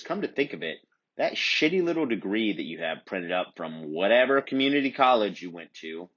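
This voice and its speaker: Deep husky-voiced man, crude comic rant. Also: sing-song, brisk, muffled recording. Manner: crude, rambling, swinging between mutters and shouts. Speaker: podcast host. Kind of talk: comedic monologue.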